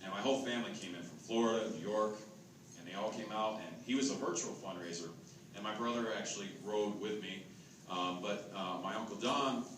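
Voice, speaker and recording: A man telling a lively, chatty story as captain of a charity ride team. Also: lowish voice, brisk. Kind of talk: casual storytelling to a camera. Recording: echoey, distant, noisy crowd.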